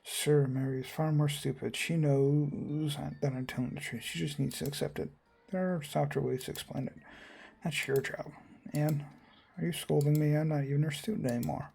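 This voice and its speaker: A man reads a visual novel's lines aloud, voicing the cast himself. His voice is gravelly and a little husky, with a mellow, dark tone. He moves quickly and stumbles, often restarting words mid-line. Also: fairly high pitch, steady tone. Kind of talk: reading game dialogue aloud.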